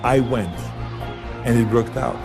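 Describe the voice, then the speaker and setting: A man's voice: mid-range voice, unhurried, music in the background. A man with a strong German accent and German as his first language, giving motivational talk emphatically. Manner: emphatic, heavily accented, sometimes restarting words. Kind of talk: motivational speech and interview.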